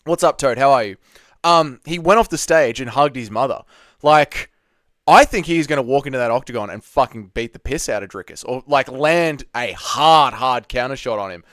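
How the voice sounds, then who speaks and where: This chatty young Australian livestreamer reads viewer comments aloud, welcomes people by name, and swears liberally. His pitch is medium, his intonation lively, his speed normal and his tone fairly bright. There's no echo, just clean studio sound.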